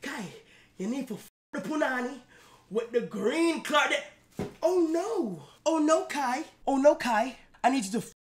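A man's voice: extremely high pitch, expressive, unhurried, echoey room, a little hiss or hum. A man voicing a pleading, flirtatious Jamaican woman with a put-on accent, repeating a name breathily.

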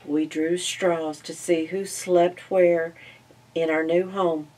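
Slow, expressive woman reading a picture book. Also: on the low side. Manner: expressive, gasps at the story's turns. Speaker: library storytime reader. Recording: distant mic with faint hum.

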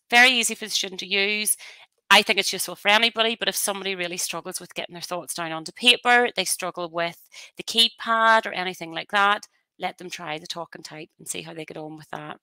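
A woman giving a webinar software demonstration as a trainer, talking on a headset mic in a chatty, explanatory way with practical asides. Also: mid-range voice, smooth, no room sound.

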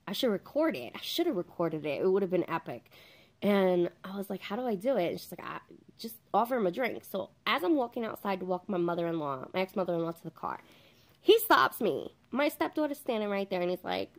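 Chatty lady in her 30s telling a story, swears a lot, does everyone's lines. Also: mid-range voice. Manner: chatty, swears freely, animated quoting. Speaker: vlogger. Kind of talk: casual storytelling. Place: home.

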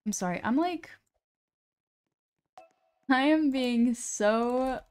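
A woman live-streams her gameplay, talking to viewers in a loose, rambling way and joking at her own expense. Her voice sits a little high and comes across smooth and clean. She speaks into a computer streaming mic. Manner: chatty, rambling, self-deprecating. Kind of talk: casual gaming live-stream chat.

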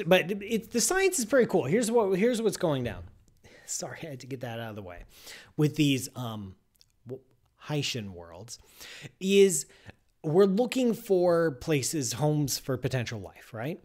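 A man hosting a live science radio show, talking with playful mock outrage. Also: a little high. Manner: animated, playful mock outrage, swinging from loud bursts to muttering.

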